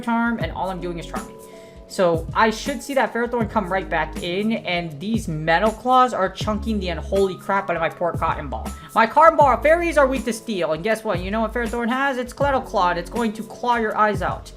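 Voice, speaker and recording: An excitable woman streamer talks through her matches in loose, rambling game commentary, jumping between tangents and slang. Her voice sits at an ordinary middle pitch, and soft music plays faintly underneath. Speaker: gaming streamer.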